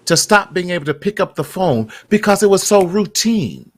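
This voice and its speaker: Heartfelt man hosting, lively voice. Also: sits high, normal speed. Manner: heartfelt storytelling, repeats words when moved; church-style phrasing, leads prayers. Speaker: host. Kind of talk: casual chat.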